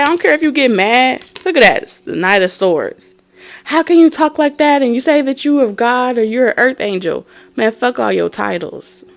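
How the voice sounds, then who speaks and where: Blunt, profane woman tarot reader. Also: fairly high pitch. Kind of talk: profane tarot reading rant.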